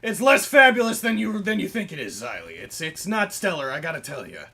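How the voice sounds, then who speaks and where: A man putting on a gravelly bad cop. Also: sits high, very animated, a little fast, bright, forceful tone, exaggerated voice. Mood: gruff, mock-formal. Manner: theatrical, formal phrasing. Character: gruff male bad-cop officer, sometimes piratey. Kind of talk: in-character streaming chat.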